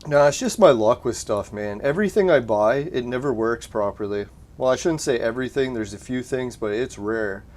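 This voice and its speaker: A man on a casual live stream chatting from his home setup, laid-back and quick to swear and laugh. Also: medium pitch, darkish tone. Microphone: desk mic through a soundboard.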